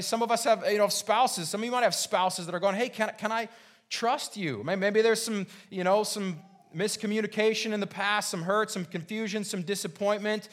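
A man's voice: high voice, a bit bright. A man preaching a sermon as pastor, earnest and repetitive, full of rhetorical questions and stammered restarts. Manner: frequent restarts and stammered repeats.

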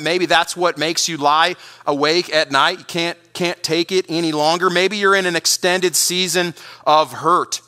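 A man's voice: sits high, bright, forceful tone. A man preaching a sermon as pastor, earnest, often repeating words and restarting.

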